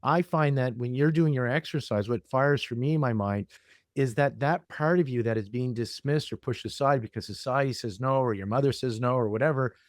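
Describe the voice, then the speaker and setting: A man's voice: mid-range voice, fairly quick, no echo, clean studio sound. A man hosting a podcast interview, reflecting on and building on his guest's ideas. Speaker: podcast host. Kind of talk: interview conversation.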